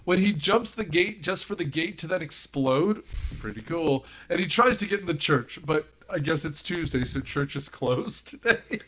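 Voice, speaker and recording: A man's voice: on the high side, expressive, moderate pace, a bit bright, a little hiss or hum. A man on a movie podcast panel, animatedly retelling film scenes and giggling as he talks. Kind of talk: casual movie discussion.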